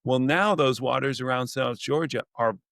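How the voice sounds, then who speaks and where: A middle-aged man from California, a naturalist guest telling rambling, lively stories in a casual podcast interview, on a close mic. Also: medium pitch, moderate pace, vocal fry, dry recording.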